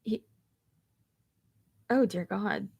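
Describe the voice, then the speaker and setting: Speaking extremely slowly, this woman, a beauty vlogger, recounts a story in relaxed conversation. She fills it with fillers, false starts and animated side comments, her middle-pitched voice rough and fry-tinged.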